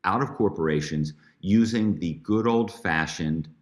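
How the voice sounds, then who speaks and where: A man's voice: low-pitched, measured pace. A middle-aged man, a guest, telling stories in an interview, chatty with many fillers and restarts. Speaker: guest, author and former corporate spy. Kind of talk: storytelling interview.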